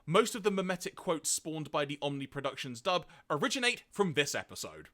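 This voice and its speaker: A man's voice: fairly high pitch, big pitch swings, a little fast, bright, forceful tone. A man co-hosting a casual podcast, reading out notes on an episode and laughing often. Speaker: podcast co-host.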